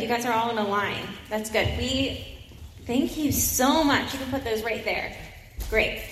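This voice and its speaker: A woman's voice: high voice, fairly bright tone, a little hiss or hum. A woman giving a children's message in church, upbeat and coaxing as she talks to young kids on a handheld mic. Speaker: children's sermon leader. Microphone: handheld microphone. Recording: echoey hall, faint room ambience.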